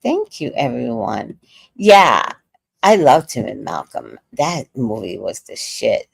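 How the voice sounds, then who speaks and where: A woman in her sixties chats loosely through a livestream, reading out viewer comments and reacting with quick laughs. Her lowish voice has a gravelly edge and swings widely up and down. She sounds worn out, and the sound is close and dry. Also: sing-song, no room sound. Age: 60s. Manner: chatty, reacts to viewer comments with laughter and sudden sung bits. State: tired. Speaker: livestream host reading chat. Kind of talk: casual livestream chat.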